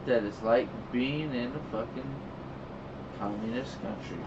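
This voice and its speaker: A man's voice: mid-range voice, very animated, unhurried. Blunt man, distant noisy lo-fi mic. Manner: blunt, crude interjections. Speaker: podcast co-host. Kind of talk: casual chat. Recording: distant lo-fi mic with clear room noise.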